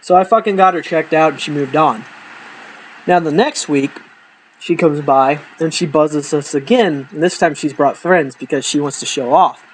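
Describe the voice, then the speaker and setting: A man casually telling profane, animated stories from his life to camera, acting out the people in them. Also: fairly high pitch, normal speed, a little hiss or hum, low-quality recording.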